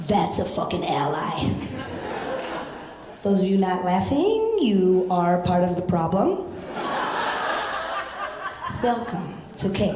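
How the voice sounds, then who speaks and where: A young woman doing a brash, profane stand-up set with loud exasperated outbursts. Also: lowish voice, sing-song, slow pace, pauses often, noisy background. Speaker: stand-up comedian. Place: comedy club stage. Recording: echoey club stage.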